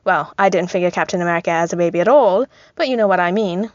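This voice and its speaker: A woman's voice: fairly low pitch, quick pace, no room sound, lightly acted. A brash, wisecracking inventor who grumbles and teases, as a woman narrator puts him on. His lines come through slightly muffled, with no room sound at all. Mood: sarcastic. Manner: sarcastic, complaining.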